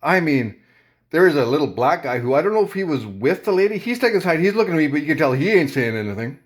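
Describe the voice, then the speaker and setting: A man vlogger casually recounting a confrontation in an animated, indignant way. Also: on the high side, fast talker. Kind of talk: casual storytelling to camera.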